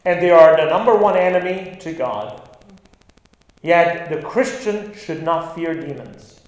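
A male pastor preaching an animated sermon, stressing lines and acting out quoted words. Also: a little high, unhurried. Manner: animated, acts out quotes with bursts of emphasis. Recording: very echoey room.

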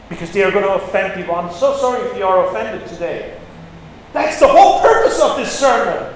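A man preaching a sermon, blunt and forceful, with sudden loud peaks. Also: very high voice. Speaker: pastor. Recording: echoey hall with long reverb, faint noise.

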